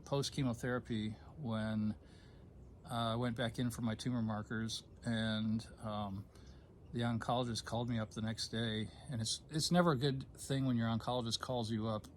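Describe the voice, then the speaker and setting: A man in his fifties telling a personal story in a relaxed conversation, pausing often with ums and restarts. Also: lowish voice, a little hiss or hum. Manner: hesitant, many ums, gets choked up then laughs. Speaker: guest sharing a personal story.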